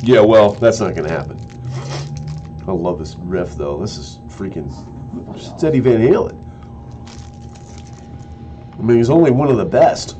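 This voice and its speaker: A man's voice: on the low side, lively intonation, unhurried, long pauses, mellow, dull audio, a little hiss or hum. A man hosting a live-streamed sports opinion show, ranting with heated, exasperated outbursts and mild cursing.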